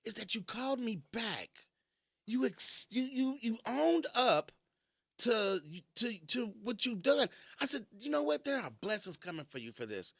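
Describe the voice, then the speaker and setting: Radio host, male, high and very lively voice, laughs often, from Kentucky, dry studio sound. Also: a little slow, no room sound. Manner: animated storytelling, laughs often. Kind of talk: casual radio talk. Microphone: studio mic.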